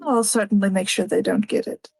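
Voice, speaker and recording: A woman's voice: medium pitch, a little fast, vocal fry, darkish tone. A woman playing a tabletop game, playful and easygoing as she speaks in character. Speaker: player.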